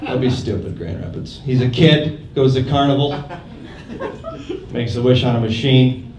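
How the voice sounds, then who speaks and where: Deadpan young stand-up comedian. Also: male voice, mid-range voice, normal speed, a crowd in the background. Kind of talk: stand-up set. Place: comedy club stage, live audience. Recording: roomy club audio from a distance, loud noise.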